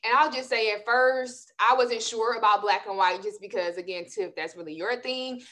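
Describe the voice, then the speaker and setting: A woman's voice: a little high, normal speed, bright, forceful tone. A woman co-hosting a casual movie review podcast, upbeat and steering the talk from one topic to the next. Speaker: podcast co-host. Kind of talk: casual film review chat.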